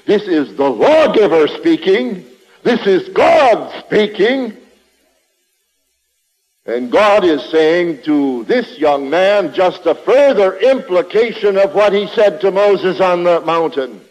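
A man's voice: high-pitched, very animated, slow, a little mellow. A man preaching a sermon with an emphatic, repetitive cadence. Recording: long reverb of a large hall.

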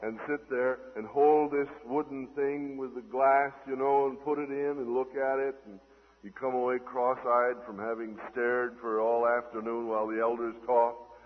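A man preaching a sermon, swinging between loud declaiming and hushed, tender asides, heard on an old lo-fi radio broadcast. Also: mid-range voice, little pitch movement, normal speed, in a large hall.

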